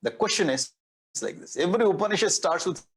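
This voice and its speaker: Man, Indian English accent, swami leading a scripture class. Slightly raised pitch, a husky edge. Repeats key words and slips into chanted Sanskrit. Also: lively intonation, quick pace, low-quality recording. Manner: recites Sanskrit verses; teasing, playful asides. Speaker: swami giving a scripture discourse. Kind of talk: spiritual discourse.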